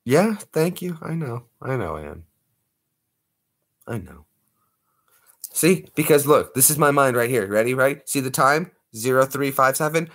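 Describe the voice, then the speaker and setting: A man hosts a late-night livestream and chats easily with his viewers. He talks in a playful, joking way. His pitch moves a lot as he speaks. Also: expressive, unhurried, long pauses, a bit bright. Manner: playful, jokey, slips into put-on accents. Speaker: livestream host.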